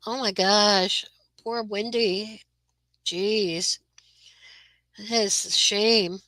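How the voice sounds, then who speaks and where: A woman's voice: medium pitch, steady tone, extremely slow, sharp tone, dry recording, low-quality recording. A woman hosting a casual live chat from her room, greeting viewers by name with a chatty, rambling manner. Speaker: livestream host.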